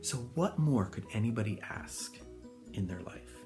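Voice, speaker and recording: A middle-aged man, a hairdresser and salon owner, telling a personal story in an animated way, laughing as he goes. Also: fairly low pitch, moderate pace, over music. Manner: animated, laughing, acts out voices in quotes. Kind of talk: storytelling monologue.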